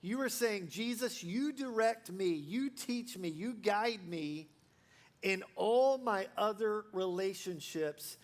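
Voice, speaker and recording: A man's voice: high voice, expressive, slow pace. A male pastor preaching a sermon in a casual, joking way, full of fillers and restarts.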